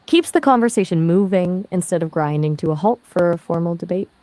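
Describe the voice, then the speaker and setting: A breezy female AI voice fields questions in easy chat, pitched a little low for a woman. She explains things casually and keeps the talk rolling. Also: expressive, a little fast, mellow, no room sound. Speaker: AI conversation partner. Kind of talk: conversational Q&A answers.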